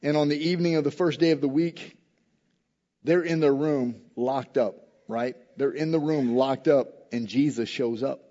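A male pastor preaching a sermon, telling the story in a lively, humorous way and acting out the people in it. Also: medium pitch, normal speed. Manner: animated storytelling, acting out quoted lines with humor. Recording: echoey hall, dull lo-fi sound.

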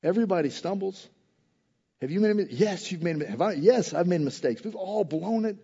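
A man's voice: high-pitched, animated, brisk, dark tone, slightly rough, big-room sound, dull audio. A man preaching a conversational sermon to a congregation, emphatic, and acting out quotes in everyday speech. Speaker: pastor.

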